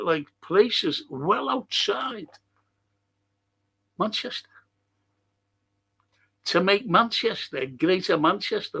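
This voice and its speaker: A man's voice: high-pitched, gravelly, a bit bright, breathy edge. A man hosting a rambling solo monologue, blunt, swearing and often restarting his sentences. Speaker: host.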